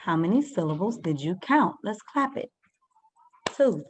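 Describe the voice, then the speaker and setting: A woman's voice: on the low side, sing-song, normal speed, a little hiss or hum. A woman teaching a first-grade reading lesson, patiently sounding out words and guiding young children step by step.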